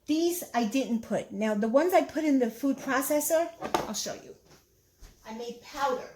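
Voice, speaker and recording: A woman's voice: high voice, moderate pace, background noise. A woman with a Brooklyn accent giving a casual, chatty cooking how-to, rambling a little and repeating herself with fillers. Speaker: cooking vlogger.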